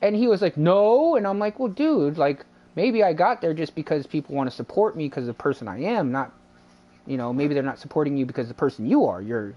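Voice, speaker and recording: A man's voice: a little high, expressive, fast talker, dull audio. A male game streamer talks casually to his viewers. He rambles through a long retold exchange, acting out both sides with "and I was like". He swears freely and loosely. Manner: rambling, retells a dispute with lots of quoted back-and-forth. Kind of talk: casual live-stream chat.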